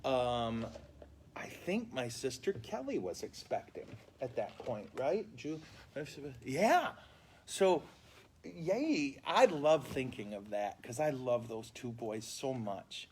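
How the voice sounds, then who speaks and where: A man's voice: medium pitch, slow pace, slight background noise. A man who is a priest, telling funny stories in a casual catechesis talk with mock outrage. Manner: animated, comic storyteller with mock outrage. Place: indoors at a funeral home, live stream.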